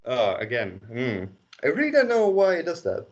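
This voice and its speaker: A Dutch man teaching a language class online, explaining slowly with many hesitations. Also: mid-range voice, wildly swooping pitch. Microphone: computer microphone on a video call. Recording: dull lo-fi call audio.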